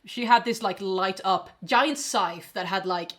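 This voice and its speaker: A woman's voice: mid-range voice, measured pace, fairly bright tone. A woman co-hosting a podcast in casual chat, rambling and restarting her sentences. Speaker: podcast co-host.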